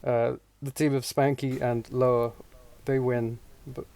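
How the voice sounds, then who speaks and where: A man's voice: medium pitch, little pitch movement, takes it slowly, vocal fry, dark tone. A man co-hosting a podcast, chatting casually with mocking, profane jokes and frequent laughter. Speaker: podcast co-host.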